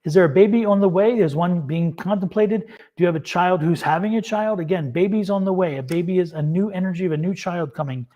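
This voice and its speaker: A man with a somewhat high voice reads tarot cards live for his viewers. He is excitable and laughs often. He cheers each person on with affirmations. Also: brisk, few pauses, lo-fi sound. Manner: encouraging, affirming. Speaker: tarot reader hosting a live stream. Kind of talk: live-stream tarot reading.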